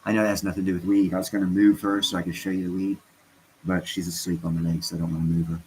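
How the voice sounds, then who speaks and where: Stoned man vlogging from home, low-pitched, rambling and self-interrupting, faint hum behind. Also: little pitch movement, very fast, low-quality recording. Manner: meandering, self-interrupting, talks to viewers and his cat. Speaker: crypto vlogger. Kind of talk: casual rambling livestream chat.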